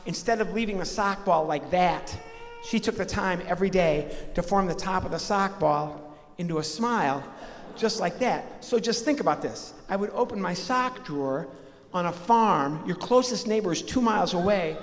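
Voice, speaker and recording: A man doing live stand-up comedy and ventriloquism in a church, chatty and animated with the audience. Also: high-pitched, moderate pace. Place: church hall. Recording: live hall reverb, faint ambience.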